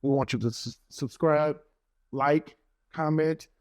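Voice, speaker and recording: A man's voice: a little high, steady tone, takes it slowly, a little mellow, dry recording. A middle-aged man co-hosting a podcast, talking enthusiastically with small stumbles. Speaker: podcast co-host. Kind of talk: podcast talk with sponsor plug.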